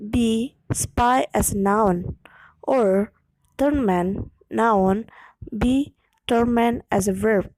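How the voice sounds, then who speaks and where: A young woman, reading a class presentation aloud with slow, careful delivery and occasional slips. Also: a little high, a little mellow, no echo, low-quality recording. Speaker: student presenting an exam video.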